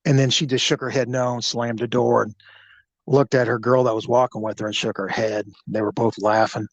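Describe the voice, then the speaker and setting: A man's voice: mid-range voice, fairly quick, no room sound, poor audio. A man who was a police detective, telling stories casually and acting out the voices of the people he quotes. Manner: animated, acts out quoted voices. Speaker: storyteller, former police detective. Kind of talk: casual spoken storytelling.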